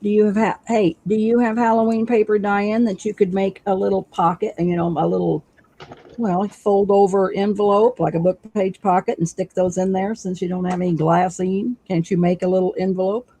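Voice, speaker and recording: A woman's voice: medium pitch, flat delivery, moderate pace, warm tone, no room sound. A woman co-hosting a casual craft livestream, talking chattily and filling her sentences with "you know.".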